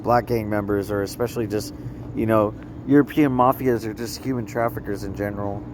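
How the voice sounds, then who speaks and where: A man rambling through a personal story in a halting, repetitive vlog, often trailing off and restarting. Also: on the low side, fairly even intonation, background noise. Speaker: vlogger.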